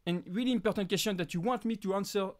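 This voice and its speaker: Man, French accent, fairly high-pitched voice, casual live stream Q&A, halting restarts, native French speaker. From France. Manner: halting, frequent restarts and fillers.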